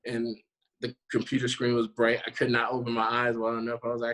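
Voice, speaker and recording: A man in his thirties tells a story in a casual interview, voice pitched right in the middle. He springs into little acted-out quotes and laughs as he goes. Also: a little fast, rough recording. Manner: animated storyteller, acts out quotes, laughs often. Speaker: guest actor.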